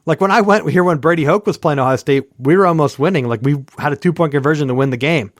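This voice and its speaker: Man in his thirties, sports podcast co-host, fairly high voice, dry close sound, rambly storyteller who voices the people in his anecdotes. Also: fast talker, hardly any pauses, dry recording. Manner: heavy use of "like" and fillers. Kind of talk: casual sports chat.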